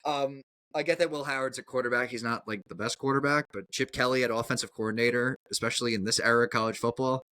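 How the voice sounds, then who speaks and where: A man's voice: medium pitch, fairly even intonation, quick pace, bright, forceful tone. A young man co-hosting a casual sports podcast, rambling and restarting his sentences a lot, with easy cursing. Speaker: podcast co-host.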